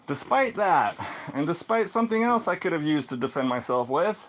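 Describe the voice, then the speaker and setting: A man telling a personal story in a casual vlog monologue, swinging between loud exclamations and low muttered asides. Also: sing-song, normal speed, a little hiss or hum. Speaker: vlogger.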